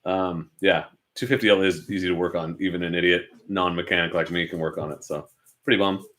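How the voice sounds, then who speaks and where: A man's voice: low-pitched, steady tone, a little fast, a bit bright. A young adult man from Oregon, chatting casually and self-deprecatingly as a motorcycle channel host, answering viewers from his home garage. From Oregon, United States.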